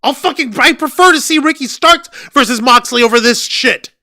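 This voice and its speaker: A man ranting about wrestling on a podcast, swearing freely and turning sarcastic. His voice sits high and cuts sharply. The recording is dry and close. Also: normal speed, pushed and bright, no echo. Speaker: podcast co-host. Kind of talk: heated wrestling review chat.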